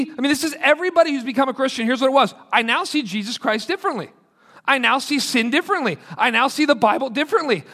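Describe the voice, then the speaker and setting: With a very high, sharp voice, this pastor delivers an earnest, conversational sermon to a congregation and dramatizes the quoted lines. The recording carries a long hall reverb.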